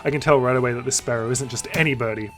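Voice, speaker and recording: A man's voice: mid-range voice, steady tone, very fast, soft background music. A man hosting a let's play, reading a visual novel aloud with playful, self-mocking asides.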